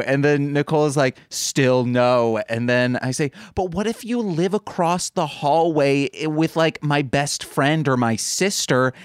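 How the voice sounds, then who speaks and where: A man's voice: a little high, no echo, clean studio sound. A man co-hosting a podcast, telling rambling stories in casual chat and acting out quoted dialogue. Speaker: podcast co-host.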